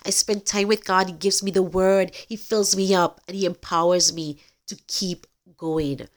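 A woman's voice: lowish voice, fairly even intonation, a little slow. A woman hosting a podcast, giving an earnest, emphatic faith-based talk straight to her listeners. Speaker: podcast host.

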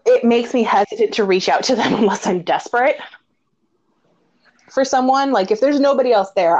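A woman hosting a casual conversation, telling stories with lots of laughter and animated quoted dialogue. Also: mid-range voice. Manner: animated storyteller, laughs often. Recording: dull lo-fi audio.

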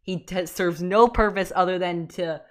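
Low-voiced woman ranting as podcast co-host. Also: moderate pace. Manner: animated, exasperated rants, frequent restarts. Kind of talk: casual fan discussion.

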